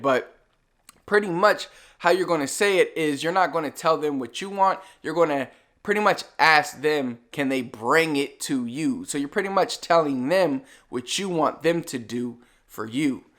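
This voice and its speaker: A young man with a slightly raised pitch teaches in a loose, chatty way, as if talking to a friend. He slows right down whenever he models an example phrase, then picks his normal pace back up. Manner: relaxed and conversational, slows down to model Spanish phrases. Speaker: Spanish teacher. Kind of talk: casual video lesson.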